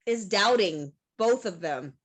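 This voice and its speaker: A woman in a casual podcast chat, talking in an unhurried, halting way and laughing often. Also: mid-range voice, expressive. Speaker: podcast co-host or guest.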